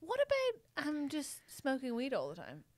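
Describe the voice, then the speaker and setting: A woman's voice: high voice, wildly swooping pitch, moderate pace, no echo. A woman co-hosting a chat podcast, teasing her friend with dry quips. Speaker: podcast co-host. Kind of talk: casual chat.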